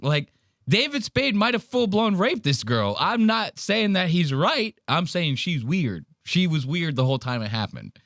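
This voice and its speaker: Profane, animated male podcast host. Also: sits high, a little slow, no room sound, clean studio sound. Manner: profane, wry, reacting to clips. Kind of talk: casual podcast commentary.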